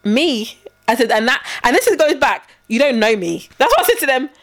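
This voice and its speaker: A woman's voice: sits high, fairly quick, no room sound. A woman, chatting casually as a co-host and acting out quoted dialogue as she tells stories. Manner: animated storyteller, acts out quoted dialogue. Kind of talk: casual chat.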